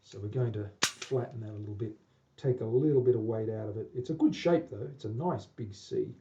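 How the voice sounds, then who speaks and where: Working on a guitar during a live stream, an Australian man mutters to himself and throws in remarks to his viewers in casual narration. His voice sits on the low side, brisk and a little mellow. Heard from a distance in his woodworking workshop, the audio is dull with slight background noise.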